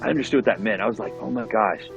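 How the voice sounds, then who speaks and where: A man, a podcast guest, telling his recovery story in an earnest, animated way, often checking in with the listener and restarting words. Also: fairly low pitch, creaky, dull audio, faint music behind. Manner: earnest, animated, keeps checking in with "right?" and "you know what I mean?"; repeats and restarts words when going fast. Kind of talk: casual conversational storytelling.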